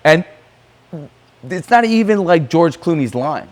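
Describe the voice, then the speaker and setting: Animated, swearing man with a raised voice. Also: a little high, a little slow. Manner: animated, profane, laughs often. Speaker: podcast co-host and lawyer. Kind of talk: casual podcast chat.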